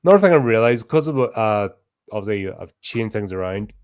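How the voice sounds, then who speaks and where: A middle-aged man, co-hosting a podcast in casual chat, loud and animated, laughing easily. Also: on the low side, a little fast, clear, resonant tone. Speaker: podcast co-host.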